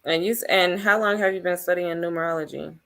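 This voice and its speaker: A woman co-hosting a casual talk show, putting questions to the host. Her voice sits low for a woman. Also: steady tone, fast, a bit bright. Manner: asks questions, relays chat. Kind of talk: casual chat.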